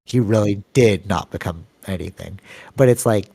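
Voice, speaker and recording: Podcast co-host, Canadian man, rambling storyteller, warm mellow tone, dry close mic. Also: moderate pace, vocal fry, breathy edge, dry recording. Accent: Canadian English. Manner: long-winded, rambling storytelling with many fillers; acts out quoted voices with sudden pitch jumps. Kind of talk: casual podcast chat.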